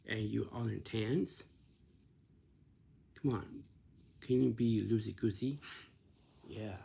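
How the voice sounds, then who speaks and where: Gravelly, dark-toned man, unhurried, rambling casual talk full of coaxing questions. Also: lowish voice, slight background noise. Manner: repetitive, coaxing questions with many restarts.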